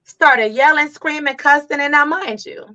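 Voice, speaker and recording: This woman, an animated Reiki healer guesting on an interview, talks casually in a voice that sits high and sounds bright and forceful, at normal speed. Her stories come alive with acted-out quotes, though the audio is a bit dull and lo-fi.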